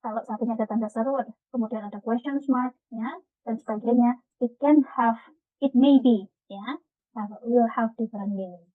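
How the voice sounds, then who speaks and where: Woman lecturer, Indonesian accent, fairly high voice, dry and phone-thin call audio. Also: fairly quick, no echo. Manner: explanatory, many fillers and restarts. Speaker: university lecturer. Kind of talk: online lecture mixing Indonesian and English. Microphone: video call. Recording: tinny, phone-like video call.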